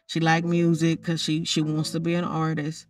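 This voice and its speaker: A woman talks her way through a game story in a loose, gossipy tone, ribbing the characters as she goes. Her voice sits a little back from the microphone. Soft music plays underneath. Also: low-pitched, completely flat delivery, normal speed, distant mic. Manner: chatty, teasing, talks straight to the characters. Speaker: narrator of a life-simulation story. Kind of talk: casual commentary over gameplay footage.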